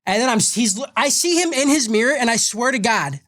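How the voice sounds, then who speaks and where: A man hosts a loose, profane podcast, laughing his way through a story. His pitch swings widely as he gets worked up, from low mutters to high shouts. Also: expressive, fairly quick. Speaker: podcast host reading listener comments. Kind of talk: casual podcast banter.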